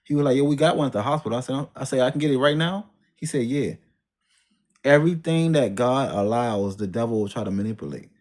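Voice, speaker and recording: Casting man, mid pitch, casual slangy storyteller, rambling and self-interrupting. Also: quick pace, a little mellow. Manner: rambling, restarts and trails off, slangy.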